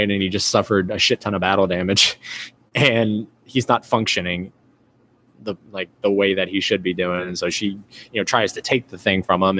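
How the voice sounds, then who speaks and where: Low-voiced guy rambling on a live stream, lots of ums and restarts, faint hiss behind. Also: fairly bright tone. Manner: casual, rambling, many fillers and restarts. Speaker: podcast host. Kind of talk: live-stream chat reading viewer comments.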